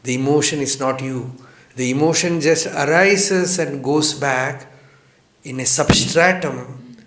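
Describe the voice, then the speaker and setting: A man from India giving a spiritual discourse, gentle and chuckling often, repeating words for emphasis. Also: a little high, slow pace, echoey room. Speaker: spiritual teacher.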